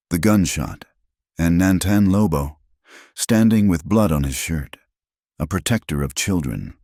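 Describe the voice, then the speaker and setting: A man narrating a dramatic western story in a slow, measured, scripted style. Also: rumbling low, a little mellow, no room sound, studio quality.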